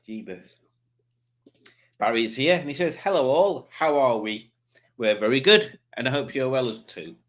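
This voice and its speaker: A man's voice: medium pitch, a bit bright. A man, hosting a live stream, chatting casually and joking as he reads out viewers' comments. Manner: chatty, jokey, does silly voices for commenters.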